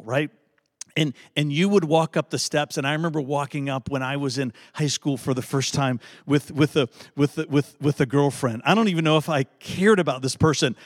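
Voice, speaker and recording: A man from gives a relaxed, conversational sermon in a voice sitting a little high for a man. He often restarts his words and checks in with his listeners. The sound is dry and close. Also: no room sound. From Virginia, US South. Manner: repeats words, frequent "right?" asides, folksy humor. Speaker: pastor.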